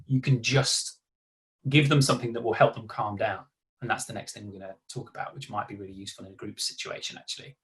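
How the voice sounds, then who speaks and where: A man's voice: fairly low pitch, level tone, fast, a bit bright. A man presenting a live online workshop over a video call, talking in a conversational way and acting out examples of self-talk.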